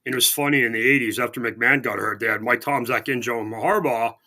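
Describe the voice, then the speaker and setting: A man's voice: mid-range voice, quick pace, pushed and bright. A man co-hosting a sports radio show, chatting casually and sarcastically, with lots of restarts. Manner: rambling, sarcastic, many restarts. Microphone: remote call-in line.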